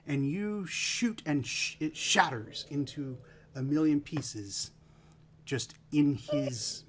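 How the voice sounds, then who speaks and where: Man game master, unhurried storytelling narration, slightly high. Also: slight background noise. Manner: relaxed storytelling with filler pauses.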